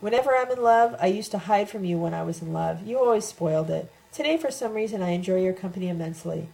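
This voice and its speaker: A woman's voice: medium pitch, fast talker, vocal fry, rough recording. A woman voicing a playful, teasing older mother in a read-aloud novel. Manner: lively, teasing.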